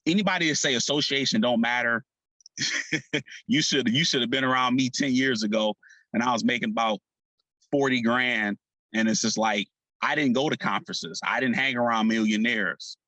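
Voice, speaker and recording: Man on a team call, fired up and casual, laughs between lines; bright, forceful tone, dry recording. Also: medium pitch, normal speed, no room sound, poor audio.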